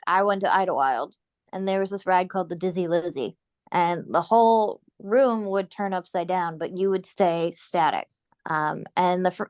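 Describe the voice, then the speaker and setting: A woman co-hosting a casual podcast, retelling a cartoon episode with animated storytelling. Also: fairly low pitch, dry recording, dull audio. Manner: animated storytelling, quoting characters in put-on voices. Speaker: podcast co-host. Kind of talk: casual chat recapping a cartoon.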